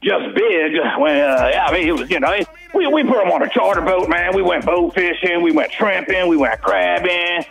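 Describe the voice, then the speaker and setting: A man's voice: high-pitched, lively intonation, moderate pace, few pauses, fairly bright tone, faint music behind, heavily acted, rough recording. A man playing a brash, crude good-ol'-boy character with a drawl, ending nearly every line with "man". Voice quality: gravelly drawl, ends lines with "man". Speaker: radio show character. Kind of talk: comedy character bit.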